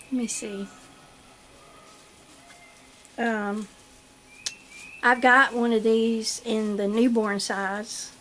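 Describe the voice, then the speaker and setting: Woman vlogger, high and unhurried, giggly and gushing, faint noise underneath. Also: level tone, a bit bright. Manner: gushing, giggly, talks to viewers and the doll. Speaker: doll collector vlogger. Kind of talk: casual unboxing vlog. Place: home nursery. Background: birds chirping.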